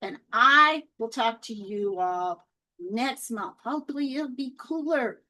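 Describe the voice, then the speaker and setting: A woman with a fairly high voice speaks straight to her viewers. She is a chatty, lively storyteller who mixes faith lessons with personal stories. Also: unhurried, rough recording. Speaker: Christian author and video host. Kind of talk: casual faith talk to viewers.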